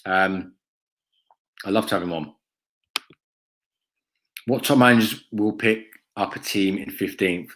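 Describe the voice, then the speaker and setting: Brief: man, fan channel host, casual stream chat, low-pitched, blunt and profane, rambles with ums. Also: unhurried, pauses often, fairly bright tone. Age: adult, has a school-age son. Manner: blunt, sweary, lots of ums and "mate".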